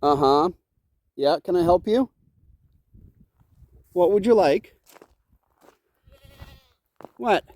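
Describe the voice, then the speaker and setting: This farm vlogger's voice sits high and has a darkish tone; he's expressive but extremely slow, with long pauses. Outdoors by a goat pen, he talks casually to the camera and the animals, playfully scolding his goats in a teasing sing-song. Faint wind and goat bleats sound in the background.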